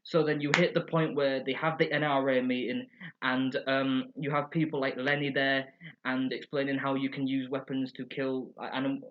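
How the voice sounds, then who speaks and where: A man's voice: medium pitch, level tone, normal speed. A man chatting energetically as he reviews an episode, recorded on a computer webcam at home. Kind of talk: casual chat. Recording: slightly dull webcam audio.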